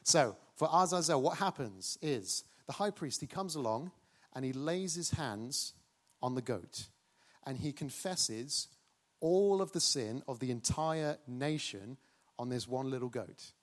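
A man delivers a dramatic sermon at a middling pitch. He slows down to stress key words and keeps coming back to a rhetorical refrain. His tone is animated and engaged with his listeners. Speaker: preacher.

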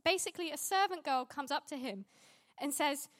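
Woman giving a sermon, high voice, chatty, keeps correcting herself. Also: lively intonation, moderate pace, hardly any pauses, fairly bright tone. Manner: conversational, self-correcting, laughs at herself. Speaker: preacher.

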